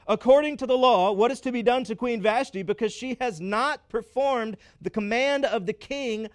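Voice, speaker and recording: High-voiced, emphatic preacher man. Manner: emphatic, building repetition with dramatic pauses and wry asides. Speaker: pastor. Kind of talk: sermon.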